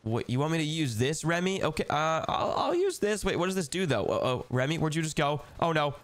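A man hosting a gaming video, giving excitable, jokey let's-play commentary and talking straight to viewers. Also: fairly high pitch, brisk, no room sound.

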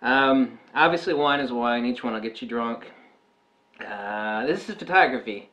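A male vlogger talks loosely to camera in a mid-pitched voice, wandering through his points with a steady stream of "uh" and "um" and throwing in jokey asides. The tone is offhand and conversational. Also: measured pace. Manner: rambling, full of "uh" and "um" fillers, jokey asides. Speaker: photography vlogger. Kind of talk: casual rambling talk to camera.

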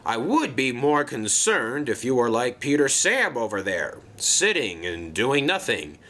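A man voicing an excitable, bossy male crane who shouts warnings. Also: medium pitch, a little slow. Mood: urgent. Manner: shouting, eager.

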